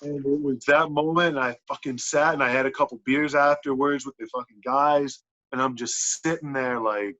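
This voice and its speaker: A man on a podcast telling a wrestling story in casual, animated talk, swearing a lot and filling with "like". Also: medium pitch, moderate pace, hardly any pauses. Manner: animated, profane, lots of "like" fillers. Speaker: podcast guest, pro wrestler. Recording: dull lo-fi podcast audio.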